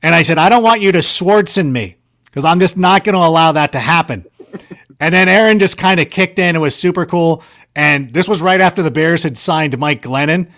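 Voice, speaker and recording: Guy rambling thru a funny story, lots of "like", voice a bit on the high side. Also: a little fast. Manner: animated, self-deprecating, lots of fillers like "like". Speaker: podcast guest telling stories. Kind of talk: casual storytelling chat.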